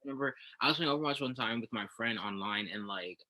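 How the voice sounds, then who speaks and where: A young man co-hosting a podcast, telling stories in a rapid, animated way. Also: mid-range voice. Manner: rapid, animated storytelling with lots of cursing. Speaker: podcast co-host. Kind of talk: casual podcast chat.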